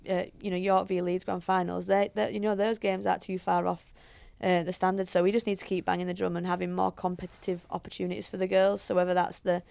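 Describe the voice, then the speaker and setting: Chatty woman with a gravelly edge. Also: lowish voice, darkish tone, no echo. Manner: chatty storyteller, frequent fillers and restarts. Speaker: head coach, podcast guest. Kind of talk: casual interview chat.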